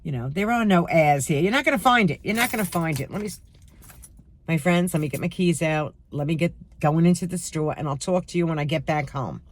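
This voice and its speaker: A woman's voice: deep voice, fairly quick. Middle-aged woman, New York accent, stuffy with a cold; opinionated, chatty vlogger talking to her fans. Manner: opinionated, chatty, talks to viewers as friends. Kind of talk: casual chatty vlog.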